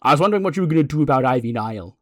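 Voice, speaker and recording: A man's voice: mid-range voice, expressive, very fast, no room sound, clean studio sound, natural voice. A man voicing a female wrestler who complains in an indignant way.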